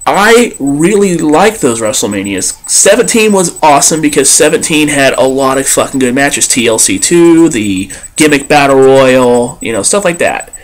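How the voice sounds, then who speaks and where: A man ranting bluntly and profanely as a vlogger. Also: on the high side. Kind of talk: ranting commentary.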